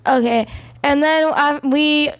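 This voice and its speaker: A woman's voice: high voice, fairly even intonation, slow pace. A young woman co-hosting a podcast, chatting casually and hesitantly with lots of restarts. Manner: rambling, hesitant, many restarts. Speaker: podcast co-host. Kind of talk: casual chat.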